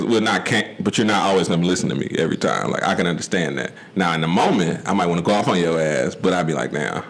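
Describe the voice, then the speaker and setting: A man's voice: lowish voice, a bit bright, slight background noise. A man co-hosting a podcast, telling stories in laid-back slang and laughing often. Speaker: podcast co-host. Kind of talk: casual chat.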